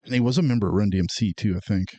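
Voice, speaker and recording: A man with a low voice co-hosts a casual film podcast. He goes through his notes in a measured, matter-of-fact way. The sound is close and dry. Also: mellow, no echo. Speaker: podcast co-host. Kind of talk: casual chat.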